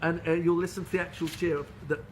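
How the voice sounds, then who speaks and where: A middle-aged rabbi giving a Torah lecture, telling stories in an earnest, animated way with frequent restarts. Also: male voice, on the high side, quick pace, background noise. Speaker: rabbi teaching a class.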